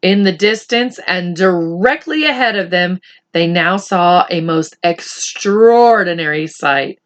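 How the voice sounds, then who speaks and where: A woman reading a chapter book aloud for children in a gentle, teacherly way, talking to the boys and girls. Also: lowish voice, animated, slow. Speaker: children's story reader. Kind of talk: read-aloud for kids.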